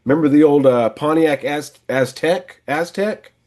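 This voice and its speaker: A man's voice: a little high, unhurried, a little mellow. A man coaching a salesman one on one, casually acting out lines a salesman and a customer might say. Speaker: sales trainer and podcast host.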